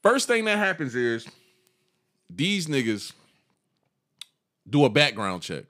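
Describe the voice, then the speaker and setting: A man's voice: mid-range voice, very animated, slow pace, bright, forceful tone. A man in his thirties telling a long, profane story in casual chat, laughing and acting out the people in it.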